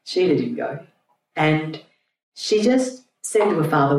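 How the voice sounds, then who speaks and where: A woman's voice: low voice, expressive, moderate pace, darkish tone. A woman teacher retelling a myth to a group in a chatty, irreverent storytelling way. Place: room with an audience. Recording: roomy, distant mic, faint hum.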